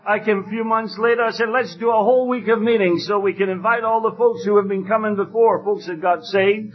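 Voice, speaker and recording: A man preaching an evangelistic sermon, telling stories fervently and emphatically, with loud exclamations at times. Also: high voice, fairly even intonation, brisk, dull audio.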